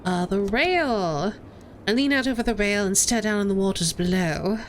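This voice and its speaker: A woman's voice: mid-range voice, normal speed, slight background noise. A young woman streamer, chatty, reading game text aloud and talking to viewers. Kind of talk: casual game playthrough narration.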